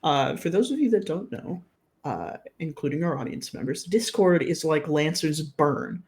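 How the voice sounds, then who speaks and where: A man's voice: a little high, lively intonation, gravelly, darkish tone. A man narrating and explaining rules as game master of a live-streamed tabletop game. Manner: measured, explains rules patiently. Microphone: streaming setup.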